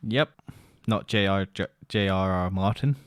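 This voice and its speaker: A man's voice: low voice, a little slow, clean tone, dry recording. A man co-hosting a podcast in casual chat, blunt and scoffing, swearing freely. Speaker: podcast co-host.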